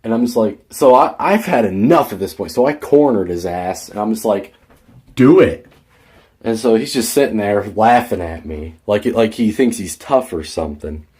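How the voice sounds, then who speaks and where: A man's voice: fairly low pitch, a little mellow. Teenage guy ranting through a vlog story. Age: teens. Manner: rambling, fired-up retelling of a workplace feud. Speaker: vlogger.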